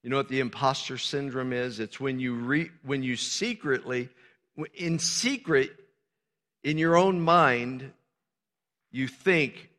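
A man's voice: medium pitch, slow, pushed and bright. An older man, a pastor, preaching a sermon in a conversational way, often calling out "Amen" and making jokes at his own expense. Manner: conversational preaching, frequent "Amen" calls, self-deprecating asides. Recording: long reverb of a large hall.

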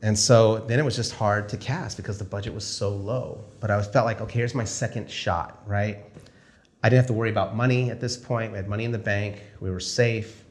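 A male film director telling a story casually, acting out the conversations he quotes. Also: fairly low pitch. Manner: animated, acts out dialogue in quick quoted exchanges.

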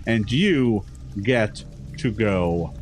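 A man narrating a tabletop game as game master, slowly and haltingly, with many fillers. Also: fairly low pitch, animated, faint music behind.

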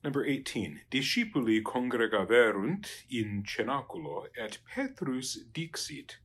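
A man working through Latin translation exercises as a teacher, halting and trailing off quietly. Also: medium pitch, very animated, husky. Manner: halting, many fillers and restarts, trails off quietly.

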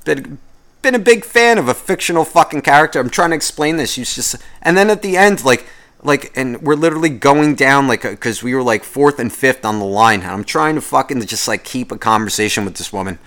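Thirties male host, mid-pitched, swears nonstop, vents with an exasperated edge. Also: lively intonation, brisk, fairly bright tone. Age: 30s. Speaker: podcast host. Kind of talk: profane ranting storytelling.

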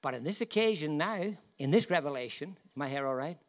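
Man, preacher, storytelling sermon, slightly high voice, humorous, laughs a lot. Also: a little fast, hardly any pauses, slight background noise. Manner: animated, humorous, laughs often, swings from hushed to loud. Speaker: guest preacher.

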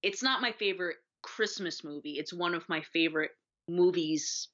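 On a laid-back film podcast, the co-host's somewhat low, slightly bright voice moves at a moderate pace. She eagerly acts out movie lines, all captured in muffled lo-fi sound.

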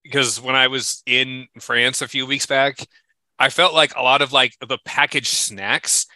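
A man in casual chat, joking and excitable, with many fillers like "dude" and "like". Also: mid-range voice, a little slow, dry recording. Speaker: podcast co-host.

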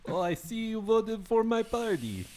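A man's voice: high voice, sing-song, moderate pace, dark tone, voice pushed up. A man doing a mock Soviet party official. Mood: mock menace.

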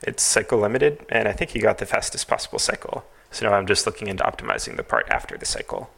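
Low, gravelly man, animated podcast guest. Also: quick pace. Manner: thoughtful, hedging, lots of "like" and "um". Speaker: podcast guest, TAS creator. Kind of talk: casual podcast interview.

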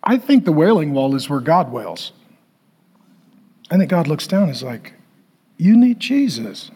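A male pastor teaches in a high, husky, sing-song voice that swoops up and down at normal speed. His sermon mixes playful asides with sudden loud bursts aimed at the congregation.

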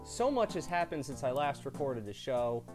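A man's voice: medium pitch, big pitch swings, moderate pace, a little mellow, faint music behind. A male podcast host who talks in a casual, easygoing way. His humor is dry and teasing, and he often needles his guest about sports and local pride. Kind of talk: casual interview chat.

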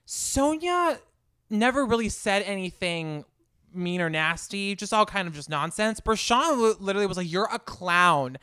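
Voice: medium pitch, lively intonation, normal speed, a bit bright, smooth, no room sound, studio quality. Blunt, swearing podcast co-host. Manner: blunt, emphatic, swears for effect. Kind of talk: casual chat recapping a reality show.

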